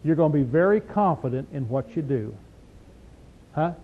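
A man teaching an informal Bible study, reading verses slowly and then explaining them in a folksy, emphatic way. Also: fairly high pitch, animated. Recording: tinny lo-fi tape recording.

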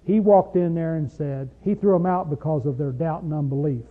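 A man preaching a sermon, asking his listeners questions and swinging between loud stretches and hushed ones. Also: a little high, lively intonation, normal speed. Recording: tinny phone-like sound.

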